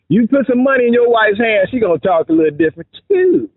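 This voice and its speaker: A man giving relationship advice in a casual, animated monologue, with joking asides. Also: extremely high pitch, brisk, no room sound. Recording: dry, tinny phone-like sound.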